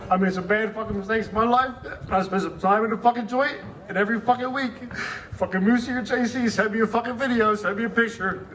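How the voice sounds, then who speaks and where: A man with a high voice, a few drinks in, tells stories about a lost friend in blunt, profane bursts and chuckles his way through them. Steady background noise runs under the live room recording. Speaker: friend giving a eulogy. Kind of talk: rambling profane storytelling. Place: memorial gathering.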